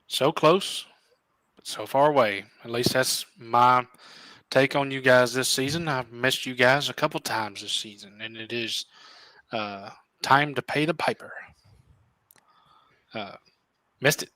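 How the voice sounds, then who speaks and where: A man with a Southern accent co-hosting a high school sports show, joking and self-deprecating. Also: a little slow, pauses often, sharp tone, dry recording, low-quality recording.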